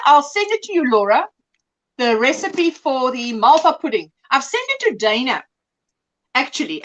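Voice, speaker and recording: A woman's voice: high-pitched, a bit bright, rough recording. Chatty South African woman hosting a livestream. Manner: chatty, greets viewers by name. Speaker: livestream host. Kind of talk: casual chat on a crafting livestream.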